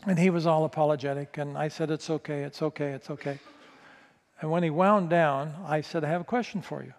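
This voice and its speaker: A male pastor telling a candid, self-mocking story in a sermon, stumbling over quick restarts. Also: a little high, steady tone. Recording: long reverb of a large hall.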